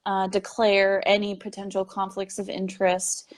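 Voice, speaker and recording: A woman's voice: mid-range voice, completely flat delivery, normal speed. A young woman in a casual interview, telling her story of becoming a medium in a chatty way, with plenty of fillers and little laughs.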